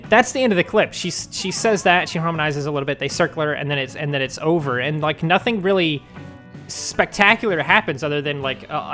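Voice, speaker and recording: A man with a slightly higher voice talks through a casual fan commentary video. He rambles and speculates, padding his thoughts with ums and likes, over faint background music. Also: fairly bright tone. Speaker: fandom news video host.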